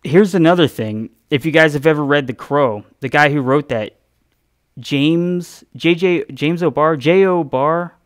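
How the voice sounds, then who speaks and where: A man's voice: fairly high pitch, a little slow, no room sound, studio quality. A man who streams from home, telling casual, rambling stories with profanity and frequent self-interruptions.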